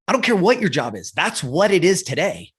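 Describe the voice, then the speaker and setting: A man's voice: high-pitched, sing-song, fairly quick, breathy edge. A man giving a blunt, profane motivational talk as a podcast guest. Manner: blunt, intense, swears often.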